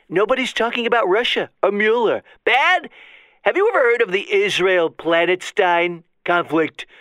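A boastful, bumbling president rambles through a comedy radio sketch. His voice sits high and leaps about wildly from word to word. The sound is dry and close. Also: fairly bright tone, no room sound. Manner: rambling, pitch swooping wildly.

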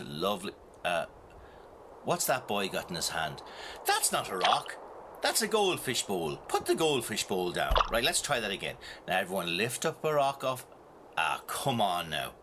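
A man's voice: medium pitch, noisy background. A man with a Northern Irish accent telling a folk tale to children, playful and talking straight to his audience. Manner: animated, playful, talks to the audience. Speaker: storyteller. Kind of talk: storytelling to children.

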